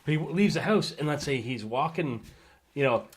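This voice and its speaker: A man's voice: fairly high pitch, expressive, normal speed. A man brainstorming film ideas as a guest collaborator, eagerly jumping in with suggestions. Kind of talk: casual brainstorming.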